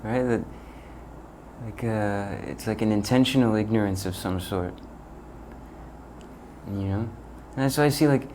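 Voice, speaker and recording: A man hosting a podcast who muses slowly and reflectively in casual chat. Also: lowish voice, a little mellow, slight background noise, rough recording. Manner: slow, musing, drawn-out questions.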